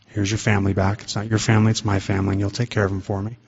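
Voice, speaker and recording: Brief: man telling a story as God, a calm, fatherly deity, lowish and steady, muffled hall recording. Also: racing, breathy edge. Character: God, a calm, fatherly male deity giving things back. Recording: dull lo-fi recording in a reverberant hall.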